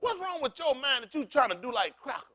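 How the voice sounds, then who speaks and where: High animated male preacher with AAVE. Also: fast talker. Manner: loud, animated street preaching, laughing asides. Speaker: pastor. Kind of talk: loose preaching to a congregation.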